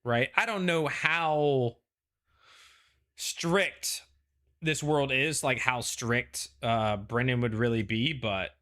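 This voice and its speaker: A man's voice: medium pitch, slow, bright, forceful tone. A man hosting a casual panel chat, rambling with lots of "like" and "you know" and frequent restarts. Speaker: show host.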